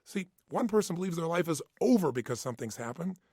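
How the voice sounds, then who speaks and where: A man's voice: a little high, expressive, fast, dark tone, dry recording, studio quality. A man giving an intense, emphatic motivational talk, hammering points with punchy repetition. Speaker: motivational speaker. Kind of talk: motivational self-help talk.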